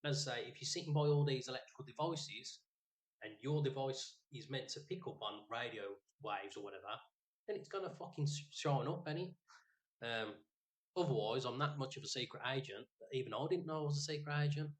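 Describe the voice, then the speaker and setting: A man's voice: mid-range voice, a little fast. Sweary man telling a story. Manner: rambling, sweary, animated retelling. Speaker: podcast co-host. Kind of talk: casual storytelling chat.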